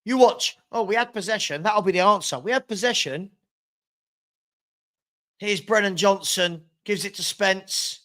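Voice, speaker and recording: Guy doing a live footy watchalong, highish voice, fed up with his team, chatting to the viewers. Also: a little slow, pauses often, a bit bright. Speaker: watchalong host. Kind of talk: live football watchalong commentary.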